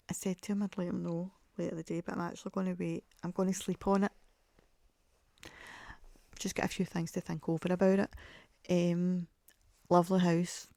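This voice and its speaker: A woman's voice: on the low side, creaky, dark tone, no room sound. A middle-aged woman chatting on her podcast, telling stories and laughing often. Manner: chatty storyteller, laughs often, acts out quoted voices. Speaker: podcast host. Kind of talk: casual solo podcast chat.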